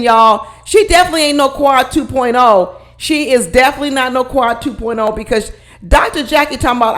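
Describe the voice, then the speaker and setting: A woman with a fairly high voice gives a casual vlog review of a reality TV show. She talks straight to her viewers in a blunt, emphatic and colloquial way. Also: lively intonation, brisk, a bit bright.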